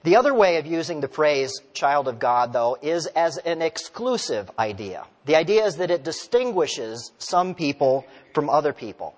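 A male pastor preaching a sermon in a relaxed, conversational way, telling stories and asking the congregation questions. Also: a little high, normal speed, few pauses. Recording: long reverb of a large hall.

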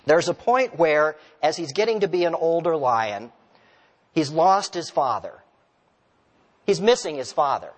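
A man's voice: fairly high pitch, animated, measured pace, pauses often. Man preaching in a reverberant hall. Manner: conversational, storytelling, asks the congregation questions. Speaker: pastor. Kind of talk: sermon. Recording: long reverb of a large hall.

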